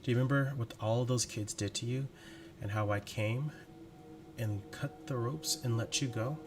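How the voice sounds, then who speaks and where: A man's voice: medium pitch, moderate pace, music in the background, lightly acted. A man voicing a sinister female spirit who taunts her captive in a cold, mocking way. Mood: taunting. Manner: mocking, coldly menacing.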